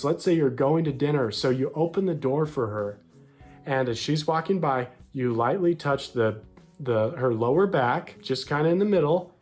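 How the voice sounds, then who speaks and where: A young American man talks straight to the viewer as a dating coach, upbeat and direct, acting out short quoted lines as he goes. His voice sits a little high. Faint music plays underneath. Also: a little mellow. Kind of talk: direct-to-camera advice talk.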